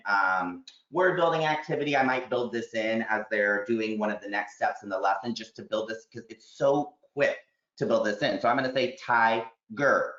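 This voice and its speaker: A man's voice: mid-range voice, fairly bright tone. A man leading a teacher training webinar, explaining classroom routines step by step with examples over a video call. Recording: echoey room, slightly dull audio.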